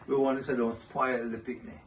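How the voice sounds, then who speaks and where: A man's voice: mid-range voice, level tone, fairly quick. An older man, a guest in an interview, chatting and telling family stories and laughing often. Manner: warm storytelling, laughs often. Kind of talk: casual interview talk. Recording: distant mic with faint noise.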